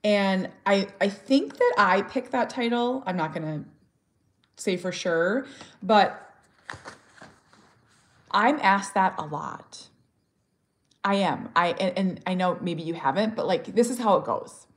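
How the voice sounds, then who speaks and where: A woman's voice: medium pitch, slow, long pauses. A woman speaking candidly in a personal vlog as a mother and author, earnest and heartfelt, often restarting her sentences and sometimes blunt. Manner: talks openly and directly, sometimes blunt.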